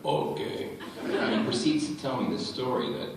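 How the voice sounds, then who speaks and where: Man, deep voice, animated storyteller at a convention panel, far mic, echoey hall with loud noise. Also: brisk. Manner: lively, laughing storyteller. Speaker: actor telling a story to a convention panel audience. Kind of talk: animated anecdote. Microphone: distant mic.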